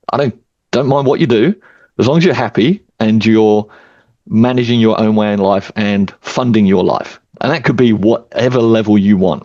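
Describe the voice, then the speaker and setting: Low-voiced male podcast host, dull lo-fi sound. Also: dry recording. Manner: relaxed, reflective, thinks aloud with fillers. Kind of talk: casual podcast conversation.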